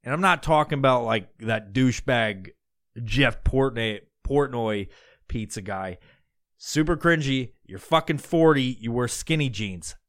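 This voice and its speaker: A podcast host from Long Island with a slight New York accent, ranting and swearing constantly as he mocks people in loud put-on voices. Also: mid-range voice, lively intonation, unhurried. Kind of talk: profane comedic rant.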